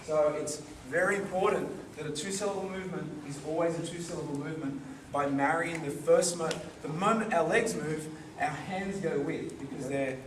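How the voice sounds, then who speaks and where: Male karate instructor, slightly high voice, demonstrates and checks in often; distant mic, faint hiss. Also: normal speed, hardly any pauses. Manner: demonstrating, constantly checks in with the group. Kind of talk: teaching a seminar class. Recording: echoey hall, recorded from far off.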